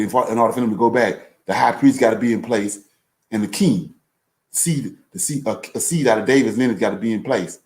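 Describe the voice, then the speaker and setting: A man reading scripture aloud slowly and then explaining it as a Bible teacher, repeating points for emphasis. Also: on the low side, a little mellow. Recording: echoey room.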